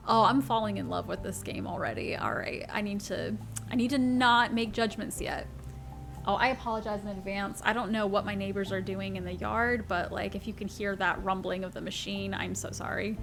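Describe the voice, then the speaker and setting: A woman hosting a let's play, chatting casually and gushing over a cozy game with a giggly, excited manner. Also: medium pitch, moderate pace, gravelly, faint music behind. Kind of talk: casual gameplay commentary.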